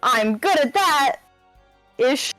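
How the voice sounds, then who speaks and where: A woman's voice: high voice, animated, takes it slowly, a bit bright, soft background music. A woman playing in a tabletop game, chatty and a bit hesitant while deciding her moves. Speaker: player. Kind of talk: casual tabletop play.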